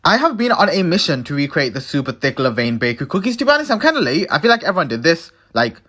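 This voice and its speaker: A man's voice: fairly high pitch, big pitch swings, quick pace, bright, forceful tone. A young man narrating his own cooking videos in a casual, playful way, cracking self-mocking jokes as he goes.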